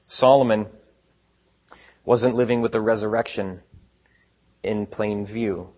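A man preaching a sermon to a room of listeners, paraphrasing scripture with animated sarcasm and swinging between quiet and loud. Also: fairly low pitch, slow. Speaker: pastor. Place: room with congregation.

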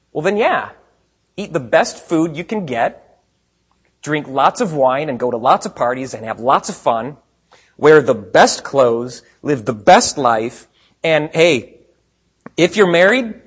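A man preaching a sermon to a room of listeners, paraphrasing scripture with animated sarcasm and swinging between quiet and loud. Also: a little high, husky. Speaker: pastor. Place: room with congregation.

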